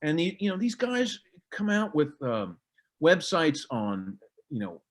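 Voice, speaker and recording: Middle-aged man, guest historian; animated, wide-ranging pitch, mocking tone in a casual chat. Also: unhurried. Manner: animated, mocking impressions of others. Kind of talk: casual podcast conversation.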